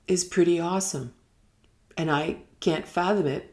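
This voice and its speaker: A woman giving a reflective spiritual teaching in a live online session, musing and unhurried, sometimes dropping almost to a whisper. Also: fairly low pitch, dark tone. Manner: unhurried, musing, drops to near-whispers at times. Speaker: meditation teacher. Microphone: live online broadcast.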